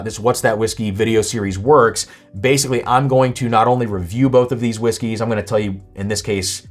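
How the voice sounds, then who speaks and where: A man hosting a casual whiskey tasting video, relaxed and chatty, thinking aloud, his voice slightly worn and going hoarse. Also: on the low side. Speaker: host.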